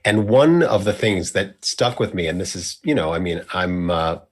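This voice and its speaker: Husky-voiced young male host, rambling. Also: deep voice, expressive, moderate pace. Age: young adult. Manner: rambling, self-correcting, playful. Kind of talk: casual conversation.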